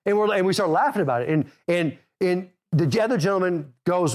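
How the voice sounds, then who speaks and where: A middle-aged man who hosts a golf podcast. He coaches his listeners in an energetic, direct way and keeps calling out "okay?" and "guys". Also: high voice, fairly quick, hardly any pauses. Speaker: golf instructor and podcast host.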